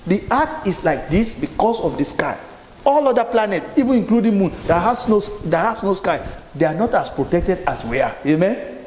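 A man's voice: high-pitched, big pitch swings, moderate pace, a little mellow. A male pastor preaching a sermon, repeating phrases and calling for responses from the congregation. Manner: repetitive, call-and-response preaching with restarts. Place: church hall. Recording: echoey hall with faint room noise.

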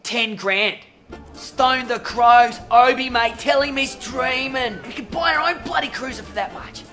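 A woman's voice: a little high, a little slow, fairly bright tone. A woman voicing a cheeky young farm lad with a broad Australian accent, mouthy and indignant. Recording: music behind the voice.

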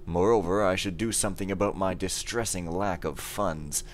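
An actor playing a weary, dry-witted master thief, narrating a game cutscene in a measured, sardonic first-person tone. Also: male voice, sits low, slight background noise, close to an everyday voice.

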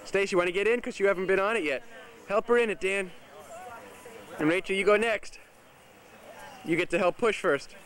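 Filming a home movie in his suburban backyard, a man in a high, slightly bright voice narrates at normal speed, often pausing. He casually directs and cheers the playing children. Party chatter fills the audio from the camcorder's built-in mic.

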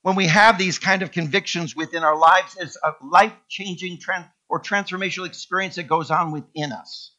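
Bright-voiced male pastor preaching a sermon. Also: fairly even intonation, normal speed, few pauses, lo-fi sound. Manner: emphatic, repeats key words, sweeping rises in pitch. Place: church sanctuary.

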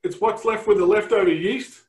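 A man's voice: high-pitched, moderate pace, darkish tone, roomy sound. A man with an Australian accent hosting a show, easygoing and slangy in casual interview banter. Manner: laid-back, easygoing, slangy. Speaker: show host.

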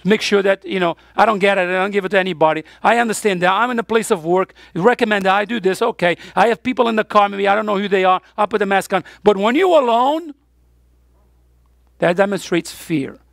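A man's voice: high voice, a little fast, creaky, a bit bright, no room sound, clean studio sound. A man preaching a sermon as pastor, emphatic, with his voice rising on the key points.

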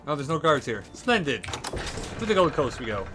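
A man's voice: on the high side, big pitch swings, moderate pace, noisy background. A young man livestreaming a video game, chatting casually and playfully, giggling and talking to the characters. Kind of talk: casual gameplay commentary.

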